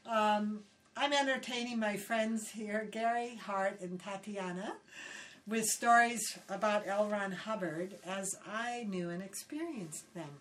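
An older woman from Hawaii, casually telling animated stories in an interview and acting out quoted voices. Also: mid-range voice, measured pace, slight background noise. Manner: animated, acts out quotes loudly, laughs often. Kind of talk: casual storytelling. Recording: voice somewhat distant from the mic.

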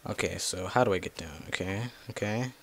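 A man with a low voice rambles casually and fairly quickly while playing a video game, talking to himself and swearing at the monsters. There's a faint hiss or hum on the track, and he's a gameplay video creator.

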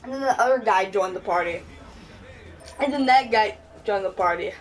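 A woman's voice: medium pitch, normal speed, distant mic, poor audio. A young woman giving casual gameplay commentary, laughing often and swearing at her own plays. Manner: giggly, laughs often, swears while playing. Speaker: gaming channel host.

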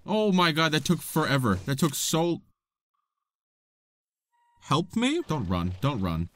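A man giving playful, excitable gameplay commentary as a gaming YouTuber, chatting to the monsters on screen. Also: mid-range voice, normal speed.

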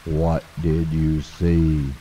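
Man playing a calm, wise old frog. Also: extremely low pitch, a little hiss or hum, heavily acted. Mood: patient. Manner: slow, calm and patient. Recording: long hall reverb.

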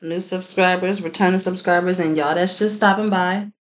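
Low-voiced woman giving a tarot reading. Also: steady tone, moderate pace. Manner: chatty, laughs often, prays aloud. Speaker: tarot reader. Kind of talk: casual tarot reading to camera.

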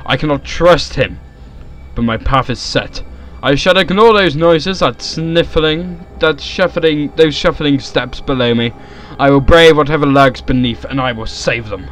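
A man voicing a grave, theatrical Victorian gentleman in a horror game's notes. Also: fairly high pitch, a little slow, pitched above the performer's own voice. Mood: grave resolve. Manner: theatrical reading voice.

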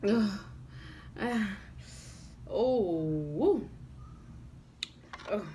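A woman's voice: medium pitch, animated, drawn-out words, background noise. A young woman vlogging casually to camera, groaning and gagging with exaggerated disgust. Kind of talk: casual vlog chat to camera.

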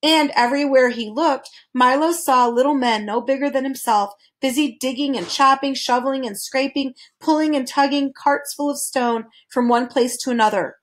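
Woman narrator, calm expressive read-aloud, slightly high. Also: moderate pace, few pauses. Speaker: reader. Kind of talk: reading a children's novel aloud.

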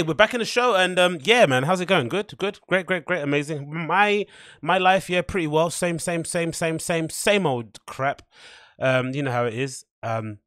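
A man's voice: mid-range voice, fairly bright tone, no room sound, studio quality. A man hosting his own podcast, rambling casually through his week with lots of fillers. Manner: rambling, loose, filler-heavy. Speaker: podcast host.

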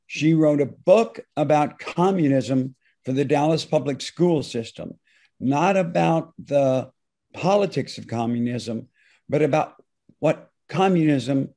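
A man recounts stories as a talk show guest, rambling and anecdotal. His voice sits slightly high as he doubles back and interrupts himself. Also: dark tone. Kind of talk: storytelling interview.

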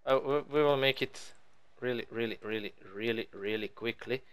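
A man's voice: medium pitch, moderate pace, fairly bright tone, smooth. A man giving casual, rambling let's-play commentary as he builds in a game, joking at his own expense. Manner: rambling, playful, self-mocking. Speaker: gaming channel host.

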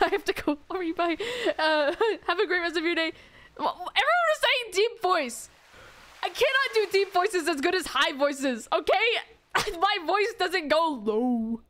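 A woman's voice: extremely high pitch, lively intonation, a little slow, a bit bright. Giggly young woman streaming a game. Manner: giggly, playful, self-mocking. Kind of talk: live game commentary.

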